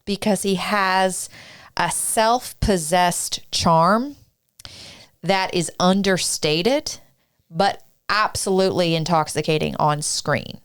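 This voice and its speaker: A woman's voice: fairly low pitch, slow, clean tone. A woman co-hosting a podcast, talking in a thoughtful, earnest way. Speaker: podcast co-host. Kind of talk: casual chat.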